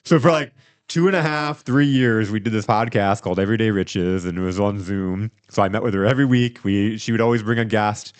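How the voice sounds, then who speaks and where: A man hosting a podcast, telling a story in casual chat, animated and rambling with restarts. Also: on the low side, brisk, no room sound. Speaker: podcast host.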